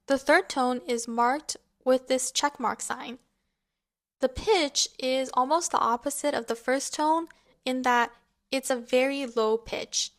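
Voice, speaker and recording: A woman gives a scripted pronunciation lesson in a fairly high voice. She talks very slowly and spells out each example word with deliberate care. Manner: careful, deliberate modeling of example words. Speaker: language teacher.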